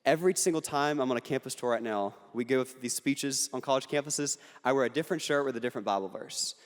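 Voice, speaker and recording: A man's voice: medium pitch, fast. A young man giving an earnest, punchy speech to an audience, with occasional jokes. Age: young adult. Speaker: political speaker. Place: large hall on a university campus. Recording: hall reverb.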